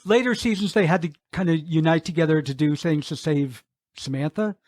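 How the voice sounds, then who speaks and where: A man's voice: on the high side, a little fast, a little mellow, no room sound, clean studio sound. A man co-hosting a podcast in casual chat, giving brief, matter-of-fact replies.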